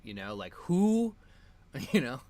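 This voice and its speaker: A man's voice: mid-range voice, very animated, slow, dark tone. Enthusiastic man hosting a casual chat. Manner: enthusiastic, stumbling restarts. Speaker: interview host.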